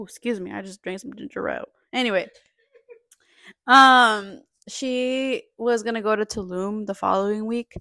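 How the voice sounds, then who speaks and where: A young woman in casual chat, talking in a relaxed, rambling way with many fillers. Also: medium pitch, no echo.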